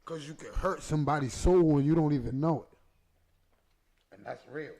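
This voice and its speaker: A man's voice: fairly high pitch, normal speed, warm tone. Emotional man telling stories in street slang. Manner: street slang, repeats phrases for emphasis. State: emotional, choked up. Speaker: podcast host. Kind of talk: emotional casual storytelling.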